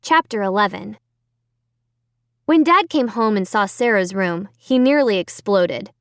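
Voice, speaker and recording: A woman narrates a children's horror audiobook in the first person. She reads slowly, and her pitch rises and falls in a very lively way. The recording is dry and close to the mic. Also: smooth, no echo. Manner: dramatic, expressive storytelling.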